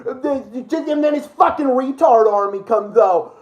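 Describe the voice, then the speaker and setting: A man's voice: very high-pitched, normal speed, darkish tone, dull audio. A man hosting a livestream, ranting furiously with constant swearing and repeated insults. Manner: furious, profane, insulting, repetitive. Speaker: livestream host. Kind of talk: angry profane rant.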